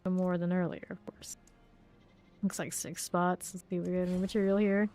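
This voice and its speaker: A woman's voice: fairly low pitch, flat delivery, fairly quick, darkish tone, faint music behind. Chatty woman streaming a game. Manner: chatty, rambling, laughs often. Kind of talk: casual live-stream gaming chat.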